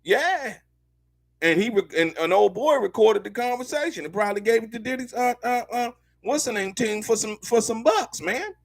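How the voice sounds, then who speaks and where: A man's voice: very high-pitched, expressive, normal speed, vocal fry, no echo. A man hosting a live show, commenting on court news in a loose, slangy way, repeating himself and talking straight to his viewers.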